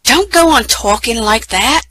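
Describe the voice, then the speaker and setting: A woman's voice: fairly high pitch, lively intonation, a little slow, sharp tone, a little hiss or hum, pitched above the performer's own voice. A woman doing a sulky, snappish young boy. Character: cross, tired young schoolboy.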